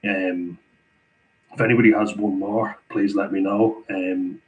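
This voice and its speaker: A man with an Irish accent chats loosely through a live viewer Q&A. His voice sits a little low, and he keeps breaking into easy laughter between remarks. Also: level tone, measured pace, phone-quality sound. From Ireland. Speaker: channel host answering viewer questions. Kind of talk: casual live Q&A chat.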